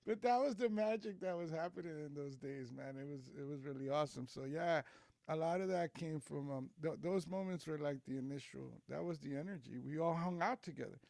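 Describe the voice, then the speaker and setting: A middle-aged man, a guest on a podcast, tells a rambling story packed with slang and swearing, saying "like" and "bro" constantly. His voice is on the high side, gravelly and a little mellow, fairly quick, with no echo.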